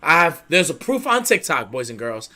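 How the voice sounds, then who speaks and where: Man, streamer host, lively swooping delivery, slightly high, bright edge, profane casual storytelling. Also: normal speed. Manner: animated, profane, laughing storyteller.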